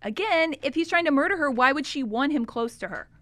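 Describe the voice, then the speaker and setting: A woman's voice: high voice, expressive, fairly quick, bright, forceful tone, dry recording. A woman co-hosting a podcast, talking conversationally about a recorded call. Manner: conversational, many fillers and restarts. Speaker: podcast co-host. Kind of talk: casual true crime discussion.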